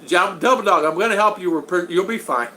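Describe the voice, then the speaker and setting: A man hosts a laid-back live stream, thanking viewers and reading their comments aloud. His voice sits a little high and has a bright, forward edge. He halts and repeats himself often. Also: slight background noise. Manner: halting, repeats words, many thank-yous.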